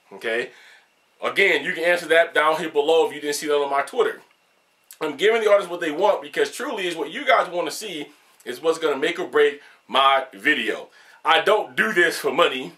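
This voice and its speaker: A man's voice: on the high side, sharp tone. A man who reviews video games, talking unscripted and directly to his camera, emphatic and candid with his viewers.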